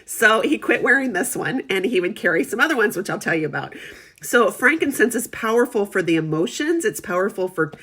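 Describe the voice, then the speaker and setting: A woman's voice: mid-range voice, animated, brisk, a bit bright, breathy edge. A middle-aged woman giving a casual product demonstration, chatty and friendly, often checking in with her viewers.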